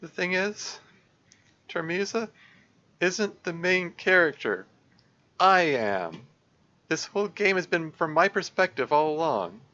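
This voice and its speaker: A man's voice: on the high side, expressive, slow pace, pauses often, dull audio, voice pushed up, heavily acted. A man voicing a despairing, tearful teenage girl while reading a visual novel aloud. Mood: confessing. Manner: tearful, sharp outbursts.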